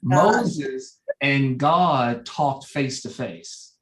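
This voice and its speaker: A man leading a church Bible study discussion, explaining things slowly and thoughtfully with frequent fillers. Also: medium pitch, roomy sound, over a noisy crowd.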